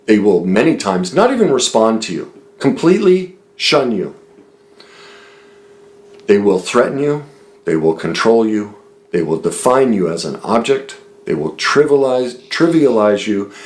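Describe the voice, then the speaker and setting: A man's voice: fairly low pitch, low-quality recording. A man streaming a solo talk, earnest and emphatic as he explains a book and repeats his points in lists.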